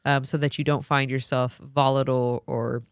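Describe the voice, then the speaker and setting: A physician assistant chatting casually on a podcast, friendly and affirming, often adding quick asides. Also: mid-range voice, level tone, smooth, no room sound, clean studio sound.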